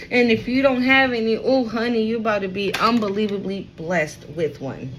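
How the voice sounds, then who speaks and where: A woman's voice: a little high, normal speed, lo-fi sound, slight background noise. A woman giving a casual tarot reading at home, talking in a chatty, slangy way full of fillers. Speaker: tarot reader.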